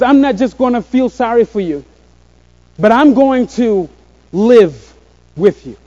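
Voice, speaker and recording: A man preaching a sermon to a room of listeners, earnest and slowing down on key phrases. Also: high voice, mellow, dull audio. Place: room with a congregation.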